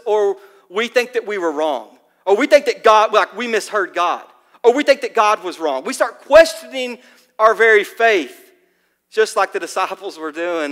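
A man preaching a sermon in a church hall, telling the story in a lively, casual way with plenty of fillers. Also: sits high. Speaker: pastor.

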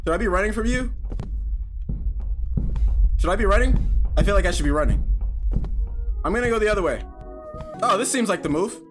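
Playing through a horror game for his channel, a young man talks in a high, lively voice that moves fairly quickly but leaves long pauses. Music plays in the background as he cracks jokes, puts on a nervous bravado, and yells when startled.

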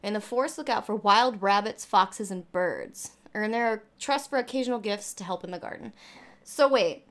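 A woman's voice: medium pitch, normal speed. A young woman reacting to a trailer and reading it aloud, gushing and a little out of breath. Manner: gushing, squealing with excitement. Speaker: gaming YouTuber reacting to a trailer.

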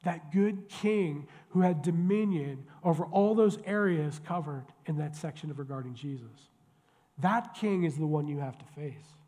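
A man in his forties preaches with a fairly high voice, chatty and joking, putting questions straight to the pews. His words ring out with a long reverb through the church sanctuary, which gives the sermon a spacious sound. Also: normal speed, mellow. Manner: conversational, joking, questions the congregation directly. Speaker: pastor.

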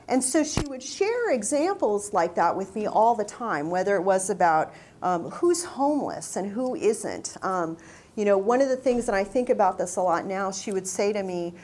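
A woman's voice: expressive, normal speed, darkish tone, a little hiss or hum. A middle-aged woman giving a reflective personal talk, telling stories and acting out remembered conversations. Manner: reflective, acts out quoted dialogue with raised pitch. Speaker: university staff speaker.

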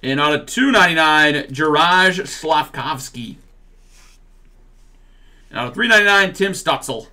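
Bright, lively card-break host guy. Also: on the high side, measured pace, pauses often. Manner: playful, jokey, calls out cards and numbers. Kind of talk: live card break banter, reading cards.

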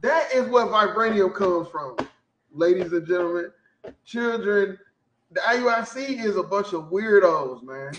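A man hosting a podcast, talking in casual, profane, animated commentary and laughing often. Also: sits high, measured pace, roomy sound, dull audio, slight background noise. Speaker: podcast host.

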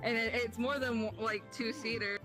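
A woman's voice: fairly high pitch, fairly even intonation, normal speed, over music. A woman in casual gaming chat, talking in a matter-of-fact, offhand way.

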